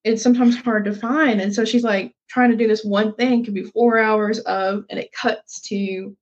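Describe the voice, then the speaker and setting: A woman's voice: mid-range voice, steady tone, moderate pace, muffled recording. A young woman co-hosting a podcast in casual chat, talking loosely with plenty of fillers and laughs. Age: young adult. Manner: chatty, lots of fillers and laughs. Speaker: podcast co-host.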